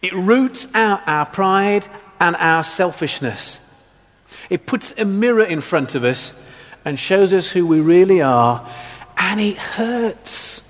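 A man's voice: high voice, expressive, slow pace, big-room sound. A man preaching a sermon, mixing scripture with humorous childhood stories. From England, Black Country.

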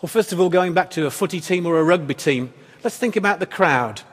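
A man's voice: high-pitched, lively intonation, fairly quick, husky. A man preaching a sermon as pastor, in a conversational, wry style full of rhetorical questions. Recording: echoey hall reverb.

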